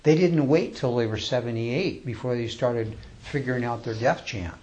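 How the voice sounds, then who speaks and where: A man giving an informal dharma talk as a Zen teacher, in a relaxed and conversational way. He chuckles often and restarts his sentences. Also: mid-range voice. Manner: relaxed and conversational, reads poems slowly.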